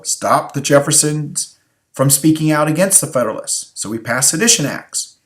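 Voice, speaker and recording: A tired male history teacher giving a review lecture, asking rhetorical questions and repeating key phrases. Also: a little high. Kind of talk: recorded exam review lecture.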